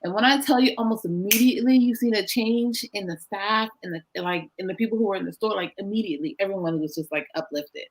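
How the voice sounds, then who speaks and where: A young adult woman telling a story as an interview guest, animated and playing out her own quoted lines over a video call. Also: mid-range voice, quick pace, few pauses, rough recording.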